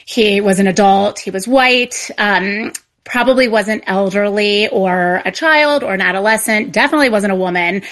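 A woman's voice: medium pitch, normal speed, fairly bright tone. A woman speaking as a family physician guest on a radio interview. She talks in a middle register and explains step by step, with frequent "um" fillers between her points.

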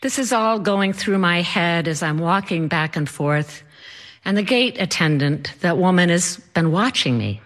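Slow-spoken woman telling a wry story. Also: on the low side, lively intonation, fairly bright tone. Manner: wry, self-mocking. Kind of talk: personal storytelling.

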